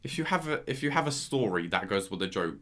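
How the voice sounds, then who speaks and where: A young man chatting on a podcast with a bright, forceful voice. His pitch swings widely as he argues his point. He keeps breaking into laughter and tosses in "mate" as he goes. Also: quick pace, slight background noise. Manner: animated, laughs often, says "mate". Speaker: podcast co-host. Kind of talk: casual chat.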